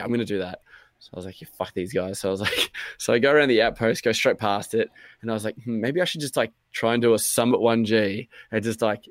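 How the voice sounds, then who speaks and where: Rambling, low-voiced man. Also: dry recording, clean studio sound. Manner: rambling, swearing storyteller acting out his own thoughts. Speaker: podcast co-host. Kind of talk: casual chat.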